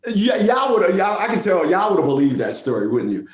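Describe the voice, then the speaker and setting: Animated, mocking man telling a story. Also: fairly quick. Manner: acts out quotes with high exaggerated voices; mocking, laughs at the listener. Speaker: family court advocate. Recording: echoey room.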